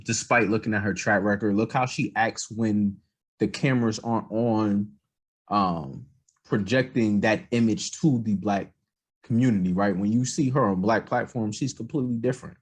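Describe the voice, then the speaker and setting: Low husky guy rambling on a podcast, lots of you know. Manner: rambling, animated, lots of fillers. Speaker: podcast co-host. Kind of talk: casual political chat.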